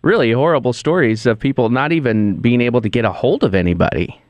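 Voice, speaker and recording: A man hosting a talk show, asking a caller calm, sympathetic and measured questions. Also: mid-range voice, no room sound, highs cut off. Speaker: host.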